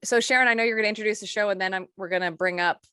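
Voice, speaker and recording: Brief: female co-host, mid pitch, dry close mic, keeps things on track. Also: fairly even intonation, pushed and bright, clean tone, no room sound. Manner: steers the talk, quick asides. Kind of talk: casual chat.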